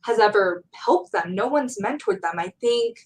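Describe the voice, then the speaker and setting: A woman's voice: mid-range voice, expressive, normal speed, poor audio. A young woman, a college student in her Gen Z years, talking earnestly and heartfelt as an interview guest about motivating students. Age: young adult. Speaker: guest speaker. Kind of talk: casual interview chat.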